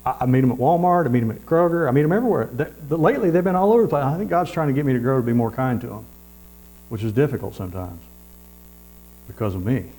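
A man's voice: mid-range voice, quick pace, dark tone, low-quality recording. Preacher guy, folksy sermon, lots of amens, bit of mains hum behind him.

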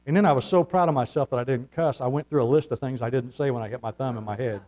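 A man's voice: mid-range voice, animated, fast, hardly any pauses, dark tone, rough recording. A man preaching a sermon, telling folksy stories and calling out for amens. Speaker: pastor.

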